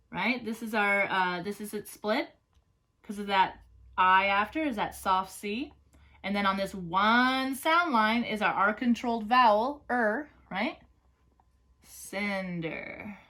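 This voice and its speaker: A woman teaching a phonics and dictation lesson, dictating slowly word by word and checking in with students. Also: on the high side, a bit bright. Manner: slow, careful word-by-word dictation; checks in with "right?" and "okay?".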